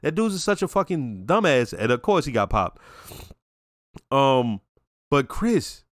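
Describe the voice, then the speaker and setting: A man giving casual reaction commentary on a TV episode, talking in a slangy, reflective, animated way. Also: mid-range voice, takes it slowly, dry recording, clean studio sound. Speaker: show reaction reviewer.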